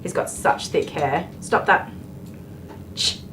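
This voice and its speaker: A woman's voice: slow pace, noisy background. An Australian woman working as a dog groomer on a live stream. She jokes with viewers and soothes the dog with baby talk.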